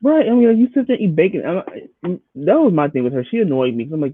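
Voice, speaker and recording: A man's voice: on the high side, very animated, quick pace, slight background noise. A man co-hosting a podcast, chatting casually about a reality show, often stammering and restarting as he quotes himself. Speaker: podcast co-host. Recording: dry, phone-like narrow sound.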